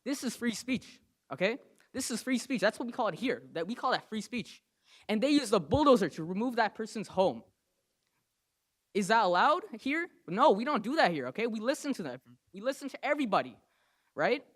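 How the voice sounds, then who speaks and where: Young man, public comment, council meeting, emphatic, fast, repeats "right?". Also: high-pitched, sing-song, fairly bright tone. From New Jersey. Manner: fast, emphatic, keeps adding "okay?" and "right?".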